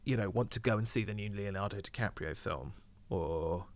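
A man's voice: on the low side, moderate pace. A man hosting a podcast, talking casually in a rambling way with frequent fillers. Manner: rambling, with many fillers and restarts. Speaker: podcast host.

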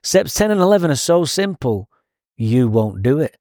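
A man with a Manchester accent telling his recovery story on a podcast, profane and animated, laughing often. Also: a little high, moderate pace, dry recording, clean studio sound. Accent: Manchester English. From England. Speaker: podcast guest. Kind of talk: recovery story, casual chat.

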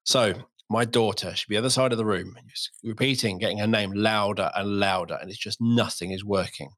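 A man's voice: lowish voice, a little fast. A middle-aged man hosting a podcast, chatting casually and acting out little scenes as he tells stories. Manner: animated storytelling, acts out voices. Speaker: podcast host. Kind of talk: casual chat.

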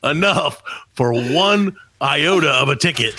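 Lively, profane man telling stories. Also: a little high, measured pace, no echo. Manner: animated, profane storytelling. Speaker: podcast co-host. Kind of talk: casual chat.

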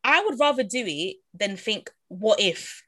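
A woman's voice: medium pitch, animated, measured pace, a bit bright. A young woman, co-hosting a casual podcast chat, acting out quotes and laughing often. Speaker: podcast co-host.

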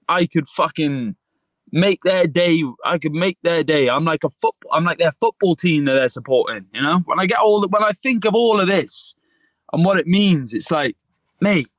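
Male fighter guest, intense and sweary, fairly high voice, dry muffled remote audio. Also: no echo. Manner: fired up, emphatic, swears a lot. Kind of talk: passionate interview talk.

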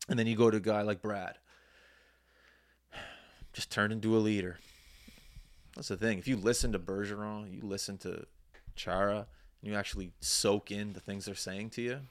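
A man's voice: fairly low pitch, vocal fry. A young man from Canada's East Coast, co-hosting a casual sports podcast and rambling with lots of restarts. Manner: rambling, animated, restarts mid-sentence. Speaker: podcast co-host.

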